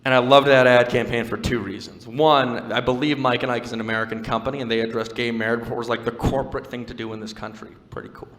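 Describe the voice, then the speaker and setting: A young man performing stand-up on a stage mic, his bright, forceful voice carrying a long reverb through the venue. He talks conversationally and wryly, mixing self-deprecating stories with playful crowd work. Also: medium pitch, little pitch movement, fast talker, few pauses. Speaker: stand-up comedian. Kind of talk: stand-up comedy set.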